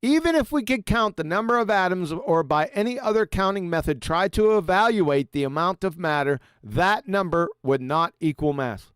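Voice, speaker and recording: A man's voice: high-pitched, lively intonation, normal speed, hardly any pauses, a bit bright, smooth, dry recording, studio quality. A man hosting a live stream discussion, reading quotes aloud and mocking them with sarcastic asides. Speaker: host.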